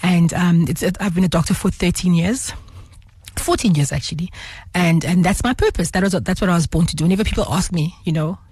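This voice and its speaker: Husky-voiced woman radio host. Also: on the low side, a little fast, darkish tone, no echo. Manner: chatty, many fillers. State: losing her voice. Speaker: radio talk show host, medical doctor. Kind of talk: radio talk show. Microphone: studio microphone.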